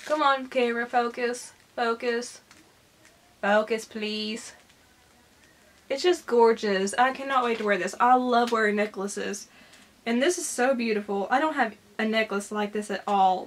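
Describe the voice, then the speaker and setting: A woman vlogger opening gifts on camera, gushing and excited, often tearful and soft-spoken. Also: fairly high pitch, a little hiss or hum. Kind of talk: casual unboxing vlog.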